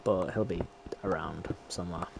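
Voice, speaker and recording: In this clip a man with a low, creaky voice talks himself through a game at a moderate pace, his intonation fairly even. It's the casual, chatty self-talk of a gameplay streamer, with noise in the background.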